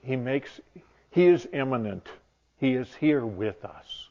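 A man teaching from the Bible in a sermon, earnest and searching, often restarting his sentences and dropping to a hush on tender points. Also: medium pitch, lively intonation, measured pace. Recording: dull lo-fi recording.

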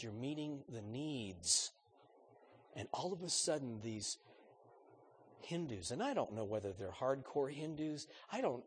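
A man's voice: mid-range voice, slight background noise. A man preaching a sermon in an earnest, conversational way, putting questions straight to his congregation.

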